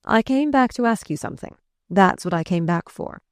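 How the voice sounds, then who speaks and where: Woman reading a fond, uneasy gentleman. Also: mid-range voice, expressive, moderate pace, clean tone, dry recording, clean studio sound, lightly acted. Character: charming, flustered gentleman stepfather.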